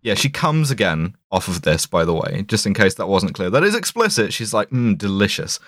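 A man's voice: on the low side, very animated, a little fast, fairly bright tone, dry recording. Dry-voiced man riffing on a film. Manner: sweary, jokey, quotes characters in funny voices. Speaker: podcast co-host. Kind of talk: casual film review chat.

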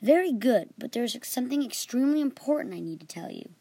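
A woman's voice: on the high side, lively intonation, quick pace, gravelly, mellow, breathy edge, no room sound, exaggerated voice. A female narrator voicing an anxious, earnest male king in a homemade audio story. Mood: urgent. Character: anxious male king of a fairy-tale kingdom.

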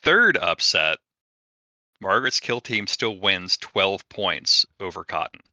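Guy co-hosting a chat, lowish voice, really sharp tone, dry wry recaps. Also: very animated, takes it slowly, dry recording. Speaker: co-host. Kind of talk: casual chat.

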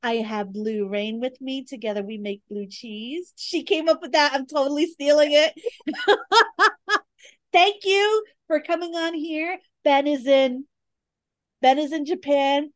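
A woman hosts a podcast in loose, easygoing chat, laughing often. Her voice sits high. The sound is dry and close. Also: measured pace, no room sound. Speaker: podcast host.

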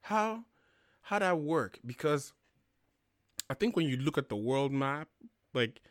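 Young man, blunt profane rant, fairly high voice, dry close sound. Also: takes it slowly, no echo. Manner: blunt, profane, animated storytelling. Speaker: podcast host. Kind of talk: heated casual rant.

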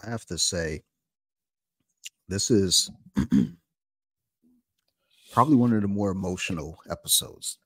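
A man's voice: deep voice, unhurried, long pauses, a bit bright, dry recording. A man hosting a podcast, talking candidly and reflectively with his guest. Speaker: podcast host. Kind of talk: casual interview chat.

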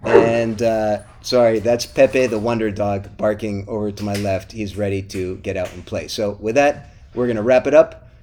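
A man's voice: on the low side, normal speed, darkish tone, a little hiss or hum. A middle-aged man co-hosting a podcast, wrapping up the episode in a casual, upbeat way and pleading with listeners to vote and leave reviews. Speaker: podcast co-host.

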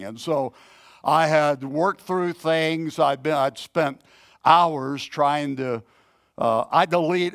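Slow, halting man preaching a sermon. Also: fairly high pitch, dry recording, clean studio sound. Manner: slow, halting delivery with frequent throat clearing and restarts; self-deprecating, conversational storytelling. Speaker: pastor.

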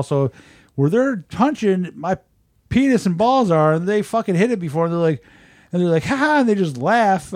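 Man, fairly high voice, dry sound, casual podcast chat, profane storyteller. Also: no echo. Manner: profane animated storyteller, acts out dialogue. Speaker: podcast guest.

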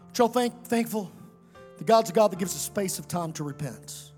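A male pastor preaching a fiery sermon to a congregation, sometimes shouting and chanting his lines. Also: sits high, lively intonation, a little fast, big-room sound, soft background music. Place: church sanctuary.

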